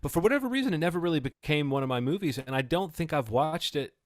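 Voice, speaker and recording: A man's voice: fairly high pitch, animated, fast talker, no room sound, studio quality. A man in his forties chatting thoughtfully as a podcast co-host reviewing a film, often restarting his sentences. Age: 40s. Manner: thoughtful, reflective, many restarts. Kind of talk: casual film review chat.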